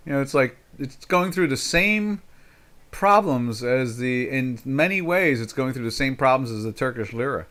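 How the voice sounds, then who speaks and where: A man's voice: medium pitch, lively intonation, moderate pace, sharp tone. A man in his sixties giving rambling, folksy live trading commentary with sarcastic asides from a home trading desk. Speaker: market commentator.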